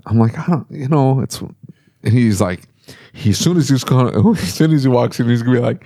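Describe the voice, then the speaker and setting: A middle-aged man, a shop owner, chatting casually on a podcast and telling rambling, animated stories. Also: medium pitch, fast talker. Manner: rambling, animated storytelling with laughs.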